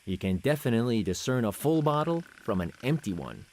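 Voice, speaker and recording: A man's voice: medium pitch, sing-song, a little fast, darkish tone. An actor voicing a cheeky young male sorcerer in a video game, sarcastic and wisecracking. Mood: dry.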